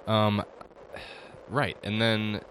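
A man co-hosting a podcast, talking in a casual, dry joking way with halting restarts. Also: on the low side, flat delivery, a bit bright, low-quality recording. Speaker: podcast co-host. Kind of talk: casual TV recap chat. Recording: static hiss on the recording.

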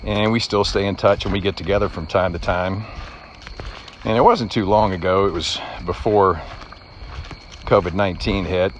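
A man's voice: fairly low pitch, slight background noise. A middle-aged man telling a personal story in an earnest, reflective way, slightly choked up.

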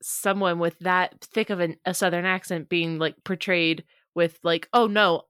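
A woman guest on a film podcast, talking in halting fragments and laughing often. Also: lowish voice, little pitch movement, a bit bright, clear, resonant tone, no room sound, studio quality. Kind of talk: casual film discussion.

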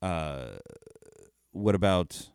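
A man's voice: sits low, extremely slow, a little mellow, clear, resonant tone, no echo, clean studio sound. A man in his thirties co-hosting a casual chat, joking, laughing often and swearing. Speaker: podcast co-host.

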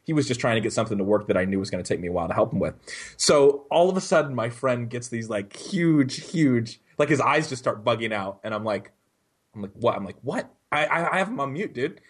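A man on a podcast telling a story in a casual, animated way, swearing and often laughing. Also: mid-range voice, fast talker, breathy edge. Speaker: podcast co-host.

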